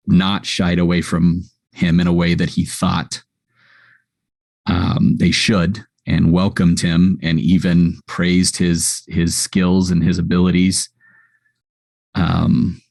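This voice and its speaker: A man describing his character in a tabletop game, with a very deep, gravelly voice. He talks slowly and flatly and pauses with ums. The sound is dry and close. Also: no echo. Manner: hesitant, with many ums. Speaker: player.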